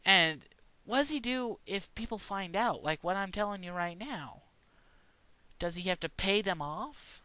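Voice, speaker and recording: Bright, crisp-voiced man ranting. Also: high-pitched, lively intonation, measured pace. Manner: rambling mock-conspiracy rant, many restarts. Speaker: vlogger. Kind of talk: casual joking monologue.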